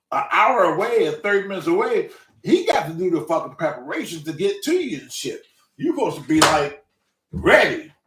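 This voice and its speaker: Profane, animated man ranting in a roomy space. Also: high-pitched, far from the mic. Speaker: show host. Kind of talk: casual storytelling monologue. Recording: roomy, away from the mic.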